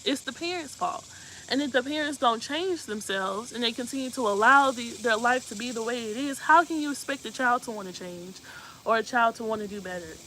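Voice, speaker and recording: A woman's voice: fairly high pitch, brisk, bright, forceful tone, slight background noise, low-quality recording. A woman hosting a live talk show, speaking earnestly and emotionally as she gives heartfelt advice and keeps asking if you know what she means. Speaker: host.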